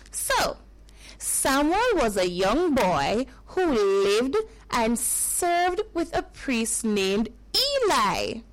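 A woman's voice: high voice, rough recording. A woman telling a Bible story to children, repeating phrases and asking them questions.

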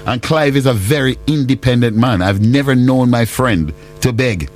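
A man's voice: mid-range voice, moderate pace, soft background music. A man with a Jamaican accent hosting a casual live talk, mixing patois storytelling with frequent laughter. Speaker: host.

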